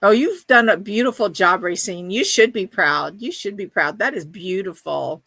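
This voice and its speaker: A woman's voice: mid-range voice, normal speed, sharp tone, slightly rough, no echo. A middle-aged woman hosting a casual livestream, chatting and reading viewer comments aloud in a gushing, affectionate way. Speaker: livestream host.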